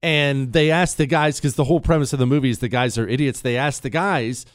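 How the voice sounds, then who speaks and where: A man hosting a talk radio show, telling stories in a casual, animated way and laughing at his own jokes. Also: medium pitch, brisk, no room sound, clean studio sound. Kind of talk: casual storytelling monologue. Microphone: studio mic.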